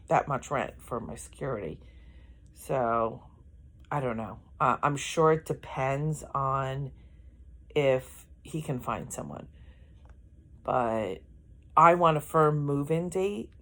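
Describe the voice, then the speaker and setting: A middle-aged woman, chatting casually in a vlog, rambling and correcting herself as she goes, yawning often. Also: very deep voice. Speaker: vlogger.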